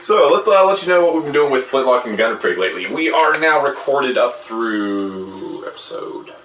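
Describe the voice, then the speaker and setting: A man hosting a casual podcast, talking in a lively way and laughing often. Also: medium pitch, moderate pace, distant mic. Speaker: podcast host. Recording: roomy echo, off-mic, faint noise.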